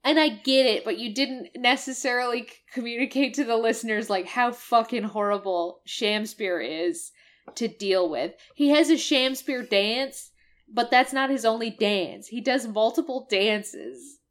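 A woman co-hosting a casual podcast, ranting about a video game, swearing freely and mimicking characters in quick bursts. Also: on the high side, expressive. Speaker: podcast co-host. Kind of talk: casual game-review chat.

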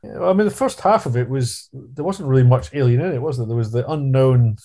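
A man's voice: mid-range voice, brisk, mellow. A man co-hosting a podcast, chatting casually in a rambling, detailed way with occasional chuckles. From England. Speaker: podcast co-host. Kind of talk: casual chat.

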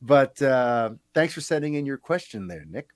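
A man's voice: medium pitch, moderate pace, no echo. A man hosting a podcast, talking casually and animatedly with plenty of fillers. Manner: animated, chatty, lots of fillers. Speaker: podcast host.

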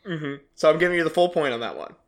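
A man with a slightly high voice hosts a casual movie podcast, joking and laughing between his points. He talks in an easy, chatty way while he hands out scores. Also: quick pace, a crowd in the background. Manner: laughs often, jokey and animated. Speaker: podcast host scoring predictions. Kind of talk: casual movie-review chat.

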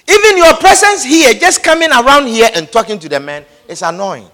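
A man's voice: very high-pitched, lively intonation, fairly quick, few pauses, sharp tone. A man preaching a sermon, emphatic and repeating his phrases, calling out amen, recorded in an echoey church hall.

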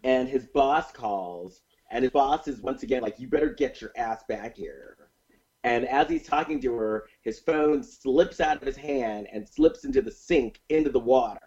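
A man's voice: mid-range voice, normal speed, breathy edge, highs cut off. A man casually recapping a movie's plot in a podcast chat, with lots of fillers and restarts. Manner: animated retelling of a plot, with many fillers and restarts.

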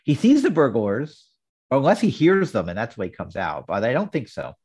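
A man's voice: mid-range voice, huge pitch swings, brisk, darkish tone, breathy edge, no echo. A man hosting, casually recapping a sitcom episode in a chatty, explanatory way.

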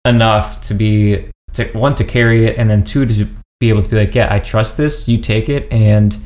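Very deep-voiced woman host. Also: fairly even intonation, moderate pace, a little mellow. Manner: supportive, affirming listener. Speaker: podcast host. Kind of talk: casual interview chat.

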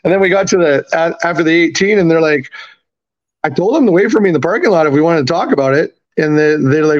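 A man in his fifties, raised in Canada, telling a story in a casual, profane, animated way and acting out the quotes. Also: on the high side, quick pace, muffled recording. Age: 50s. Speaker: podcast guest.

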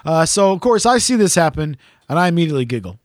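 A man's voice: on the high side, big pitch swings, fast, no echo, clean studio sound. A man hosting a casual chat, telling a teasing, swear-filled story about a gig he sang at. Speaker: podcast host and gigging singer.

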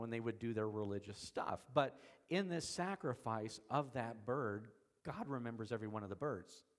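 A man preaching an expository sermon, shifting from soft, slow lines to loud emphatic ones, with folksy, self-deprecating asides. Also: mid-range voice. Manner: dramatic swings between soft and emphatic, slows on key words. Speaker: pastor.

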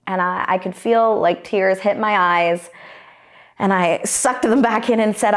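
A woman's voice: mid-range voice, unhurried. A young adult woman preaching a sermon in an earnest, personal way, telling stories from her own life and often restarting her phrases.

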